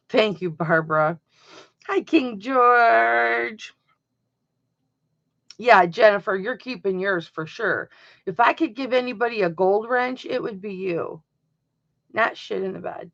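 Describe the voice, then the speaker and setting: Middle-aged woman, live-stream host, gravelly voice, talky and emphatic; dull lo-fi home audio. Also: medium pitch, dry recording. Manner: chatty, emphatic, swings between loud and soft. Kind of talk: casual live-stream chat with viewers.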